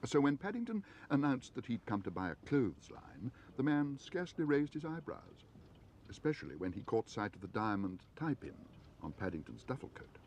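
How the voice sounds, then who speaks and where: A man reads a children's storybook aloud in an animated way, his pitch rising and falling a lot. His voice is mid-pitched with a gravelly, creaky texture. He is recording from home. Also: normal speed, lo-fi sound, slight background noise. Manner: expressive, animated reading. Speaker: streamer reading a storybook aloud.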